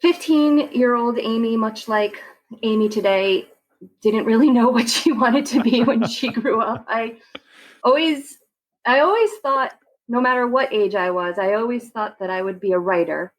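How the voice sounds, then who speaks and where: A woman's voice: on the high side, moderate pace, low-quality recording. A woman in her forties from Long Island, guest on a podcast, chatting casually and laughing often. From Long Island, New York. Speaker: real estate agent, podcast guest. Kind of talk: casual interview chat.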